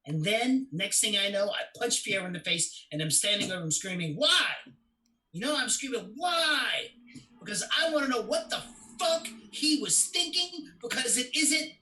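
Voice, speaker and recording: A man's voice: high-pitched, expressive, a little fast, few pauses, poor audio. An actor playing a young man who recounts his father's death in a confessional, storytelling way during a stage play reading. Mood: anguished. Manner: confessional storytelling, swings to loud anguish.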